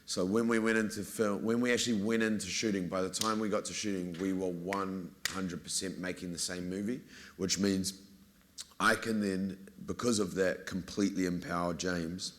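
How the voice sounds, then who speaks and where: Kiwi producer guy, low voice, earnest and steady on a panel. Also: a little hiss or hum. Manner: earnest, measured explanations. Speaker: film producer, panel guest. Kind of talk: panel discussion.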